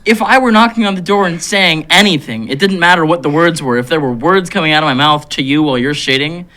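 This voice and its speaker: A man co-hosting a casual podcast, telling blunt, profane stories and laughing loudly. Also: fairly high pitch, quick pace. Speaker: podcast co-host. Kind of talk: casual crude storytelling.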